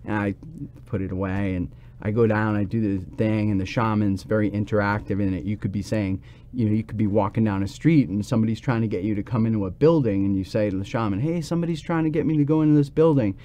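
A man, a podcast guest, telling a personal story in lively fashion and acting out the voices he quotes. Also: lowish voice, quick pace, lo-fi sound, a little hiss or hum.

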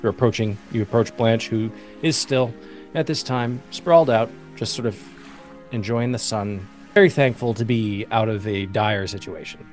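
A man as game master narrating a scene, slow and hesitant. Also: on the low side, faint music behind.

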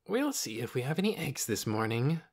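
A man voicing a tired, patient middle-aged woman doctor with a weary, gentle way of speaking in an audiobook. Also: mid-range voice, big pitch swings, a little fast, slightly rough, voice pushed up. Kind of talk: audiobook character voice.

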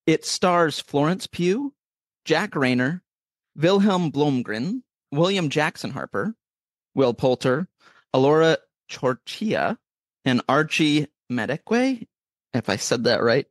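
A man co-hosting a podcast in casual chat, playful and quick to laugh. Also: fairly high pitch, dry recording, studio quality. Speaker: podcast co-host.

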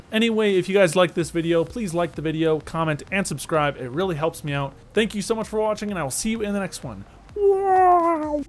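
A man doing let's play commentary, exaggerated and sarcastic, breaking into loud yells. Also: fairly high pitch. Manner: exaggerated, sarcastic, bursts into yelling. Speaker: gaming YouTuber.

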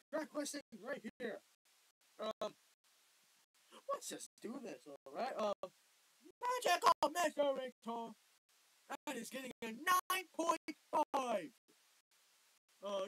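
A woman casually reviewing a record album and scoring tracks, halting with many fillers and sudden loud bursts. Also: high-pitched, low-quality recording.

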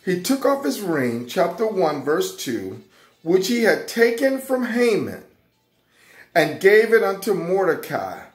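A man teaching an excited Bible lesson to children, fervent and repeating his phrases. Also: high-pitched, a little slow, reverberant. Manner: fervent, repeats phrases, keeps saying "watch this" and "y'all".

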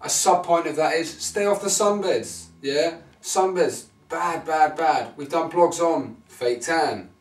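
A man's voice: a little high, takes it slowly, hardly any pauses. A man giving blunt, swearing skin care advice to camera, often checking in with "right?" and "okay?". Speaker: men's fashion vlogger. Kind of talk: casual direct-to-camera advice. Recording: echoey room, mic at a distance.

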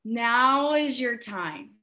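An American businesswoman giving an emphatic motivational sales pitch over a video call, urging listeners and acting out their doubts. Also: animated, very slow, pushed and bright. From United States. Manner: emphatic, urging, with acted-out asides. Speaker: guest speaker.

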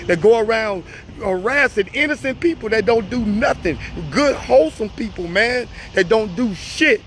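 A high-voiced man rants into his phone out on a street, upset and close to tears. He keeps repeating himself and swears a lot, climbing toward shouting. Faint street noise sits behind him. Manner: distressed, repetitive, profane, rising to shouting. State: tearful and agitated. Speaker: upset citizen filming himself. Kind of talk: emotional phone video rant. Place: outdoors on a street by a car.

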